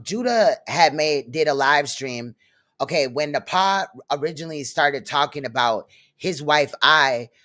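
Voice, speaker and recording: A man's voice: a little high, sharp tone. A man hosting a casual commentary stream, talking bluntly and profanely with a rambling flow. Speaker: host.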